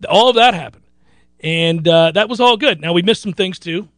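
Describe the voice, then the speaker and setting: A man's voice: sits high, moderate pace, fairly bright tone. A man hosting a sports talk radio show, boastful and joking, rambling between bets and news.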